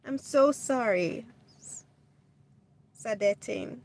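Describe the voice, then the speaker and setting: A woman hosting a casual livestream, chatting with viewers in a gentle, hesitant way full of restarts. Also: fairly high pitch, slow, gravelly. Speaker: livestream host. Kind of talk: casual livestream chat reading comments.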